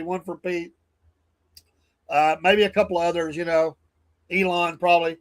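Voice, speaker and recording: A man hosting a news commentary show, talking off the cuff in a rambling way with chuckles. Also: a little high. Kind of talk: casual political commentary.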